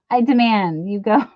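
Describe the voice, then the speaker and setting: A woman's voice: on the high side, no room sound. A woman hosting a casual live stream, rambling as she reads viewers' chat aloud and teases herself. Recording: dull lo-fi stream audio.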